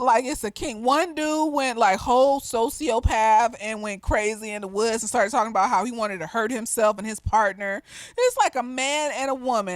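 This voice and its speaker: Lively, blunt woman reviewer, slightly tipsy. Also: on the high side, dry recording. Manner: animated and blunt, with frequent profanity and laughter. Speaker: therapist reviewing a film. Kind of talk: casual spoken review.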